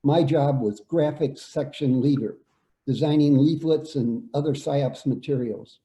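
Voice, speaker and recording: An older man, a veteran, reading out his own war story in a measured, plain way. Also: mid-range voice, dark tone. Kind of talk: reading a prepared personal story. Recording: echoey room.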